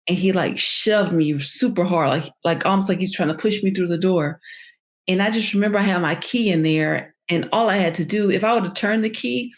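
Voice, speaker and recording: A woman speaks as a podcast guest with a slightly low voice. Her story comes out haltingly, with many fillers, pauses and restarts. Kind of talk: personal storytelling in an interview.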